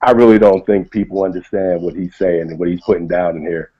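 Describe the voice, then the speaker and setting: A man talking about hip hop in a relaxed way, often asking "you know what I mean". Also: low voice, fairly quick, breathy edge. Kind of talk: casual chat about hip hop lyrics. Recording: dull lo-fi recording.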